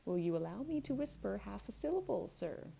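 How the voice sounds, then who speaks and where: A woman's voice: mid-range voice, sing-song, a little fast, vocal fry, warm tone, a little hiss or hum, poor audio. A woman voicing a flowery, pompous young man making a long-winded speech, in a bedtime storybook reading.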